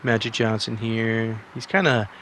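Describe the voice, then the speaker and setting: A man's voice: on the low side, flat delivery, unhurried, a bit bright, a little hiss or hum. A man casually commentating a basketball video game, rambling between calls and rising sharply on big plays.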